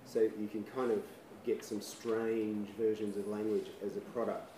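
A lower-pitched man gives a measured academic presentation, slipping in a dry joke now and then. He is recorded from a distance in a hall with a lot of echo. Faint room ambience hums behind him. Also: little pitch movement, mellow, slight background noise. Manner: measured, dry humour, occasional fillers. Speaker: conference presenter. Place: lecture hall. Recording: echoey hall, mic at a distance.

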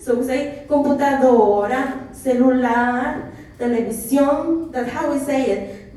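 A woman from the Isthmus of Oaxaca with a Mexican Spanish accent, a Zapotec teacher giving a presentation, halting, with many restarts and fillers. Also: high voice, darkish tone. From Isthmus region of Oaxaca, Mexico. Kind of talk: presentation talk. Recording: echoey room, voice from far off.

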